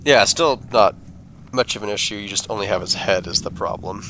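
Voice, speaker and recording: A man acting as dungeon master, running a tabletop game and trailing off into quiet asides. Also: lowish voice, fairly quick, gravelly, a little hiss or hum.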